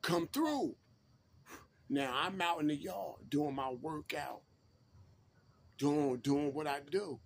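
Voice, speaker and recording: Laid-back slangy storyteller, high voice. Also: male voice, takes it slowly, gravelly, pauses often, slight background noise. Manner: laid-back street slang, repeats himself. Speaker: channel host telling a prison story. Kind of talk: casual storytelling.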